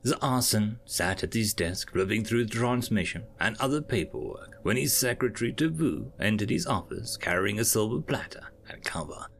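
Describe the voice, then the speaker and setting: A man reading a science fiction story aloud with expressive, measured narration. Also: fairly low pitch, gravelly, a little hiss or hum.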